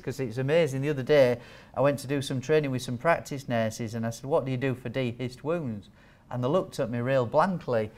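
A man giving a training talk to nurses as a wound care trainer, chatty and joking, quizzing the audience. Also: mid-range voice. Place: training hall with a live audience.

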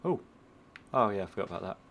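A man's voice: on the low side, big pitch swings, quick pace, creaky, dull audio, slight background noise. A man commentating his own game playthrough, rambling and self-mocking, muttering at the game as he plays. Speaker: gaming channel host. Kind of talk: let's play commentary.

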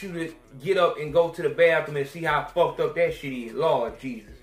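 A young man, a podcast host telling a crude story in a profane, animated rant that swings between loud outbursts and mutters. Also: on the high side, normal speed, few pauses, echoey room, faint music behind.

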